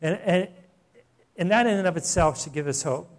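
A man delivering a sermon from the pulpit. His voice sits a little higher than most, and he keeps it conversational, dropping rhetorical questions and soft laughs between points. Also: normal speed. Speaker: pastor.

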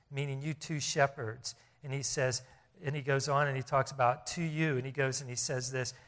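A man's voice: medium pitch, a bit bright. A man preaching a sermon as pastor, earnest, often restarting and repeating phrases and rising in volume to stress his points.

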